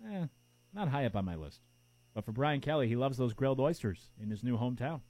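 A man's voice: mid-range voice, expressive, a little fast, warm tone, dry recording. Chatty male sports talk host. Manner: chatty, opinionated, rhetorical questions.

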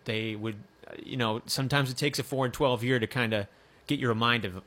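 A man's voice: mid-range voice, fairly even intonation, normal speed, a bit bright. A man with a Michigan accent hosting a casual sports podcast, reading excerpts and joking. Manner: reads excerpts aloud, joking.

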